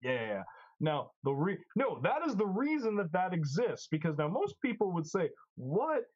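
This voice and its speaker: A man's voice: sits high, sing-song, moderate pace, highs cut off. A man co-hosting a live stream, chatting casually with stammers and swearing. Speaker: stream co-host. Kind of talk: casual crude chat.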